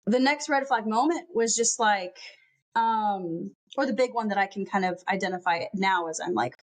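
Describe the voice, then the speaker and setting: A woman's voice: medium pitch, moderate pace. A woman guest on a podcast recounting a personal story, earnest and full of "um" and "like.". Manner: earnest, lots of "um" and "like".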